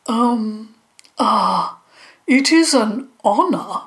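A wise and modest forest monster speaks gently and with some hesitation, voiced by a woman. The delivery is slow and unhurried. It suits a children's storybook. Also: medium pitch, natural voice. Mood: gentle.

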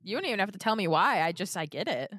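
Playful woman, lively voice. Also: mid-range voice, husky, no room sound. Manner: playful, quick-witted quips. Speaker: podcast player. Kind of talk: casual chat.

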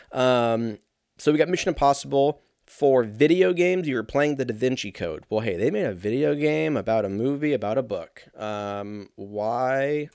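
A man's voice: medium pitch, a little mellow, smooth, no room sound, clean studio sound. A man in his thirties in casual solo commentary, rambling and sarcastic, swearing often and laughing at his own jokes. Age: 30s.

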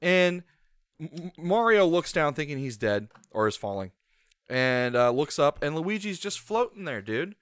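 A man co-hosting a casual podcast chat, retelling a movie scene by scene in an animated way, swearing freely and tossing in "dude". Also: fairly high pitch, measured pace, clear, resonant tone, no echo, studio quality. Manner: animated storyteller, swears a lot, says "dude". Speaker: podcast co-host.

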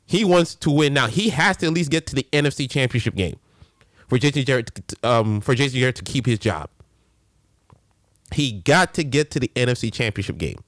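A man hosting a casual sports rant, animated and full of slang and restarts. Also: mid-range voice, a little fast, no room sound, studio quality. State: a little winded. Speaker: sports show host.

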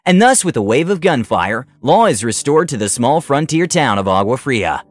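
Animated male story narrator. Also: medium pitch, normal speed. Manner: animated, voices the characters. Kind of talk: scripted narration of a tabletop game story.

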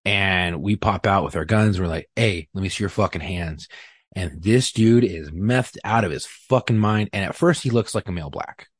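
Low husky man telling a story. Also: moderate pace, hardly any pauses, no echo. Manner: profane, animated retelling with acted-out quotes. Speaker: podcast guest. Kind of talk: casual storytelling.

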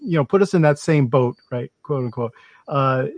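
A man in a casual religious discussion, animated and talking straight to the viewers. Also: medium pitch, normal speed, no room sound. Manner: animated, addresses viewers as folks.

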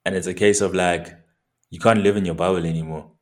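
A man's voice: sits low, steady tone, fairly quick. A young South African man with a South African accent, chatting casually as a podcast co-host, laid-back and slangy with plenty of swearing. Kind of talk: casual chat.

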